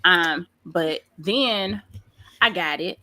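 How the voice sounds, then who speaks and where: A woman, a pastry chef, telling stories in a casual interview, animated and slangy, laughing often. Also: on the low side, very slow.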